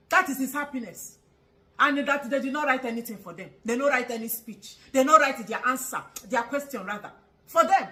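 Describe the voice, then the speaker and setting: A Nigerian-accented woman with a high, bright, sharp voice gives an angry vlog commentary on poor audio. She fires off rhetorical questions, laughs mockingly, and sometimes shouts.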